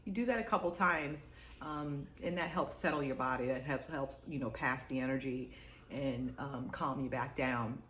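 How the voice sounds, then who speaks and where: A woman's voice: very deep voice, moderate pace, a bit bright, reverberant, slight background noise. A woman giving a casual, rambling talk to camera as an energy healer, full of fillers and restarts.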